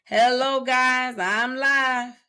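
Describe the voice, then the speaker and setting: A woman's voice: high-pitched, steady tone, drawn-out words, bright, forceful tone, clean tone, exaggerated voice. A woman imitating an older woman who keeps greeting each person joining her livestream. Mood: chirpy. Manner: repeats hellos to each viewer.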